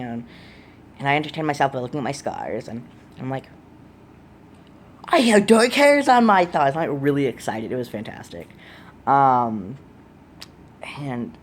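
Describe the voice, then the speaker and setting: Young trans man, mid-pitch voice that is still deepening; rambling, candid vlog delivery, lots of ums, apologetic. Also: slight background noise. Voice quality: voice deepening on testosterone, between high and low. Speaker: vlogger. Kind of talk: casual video diary.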